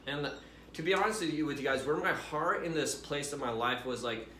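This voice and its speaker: A young man casually telling a personal faith story to his viewers, animated and chatty, often checking in with "right?". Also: on the high side, brisk, reverberant, a little hiss or hum. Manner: casual and animated, addresses viewers directly with "right?" and "you guys". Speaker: Christian vlogger.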